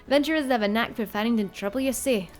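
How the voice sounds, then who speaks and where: A woman reading aloud as a hearty middle-aged male tavern keeper, with only a brief try at a rough accent. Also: on the high side, quick pace, faint music behind, natural voice. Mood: storytelling.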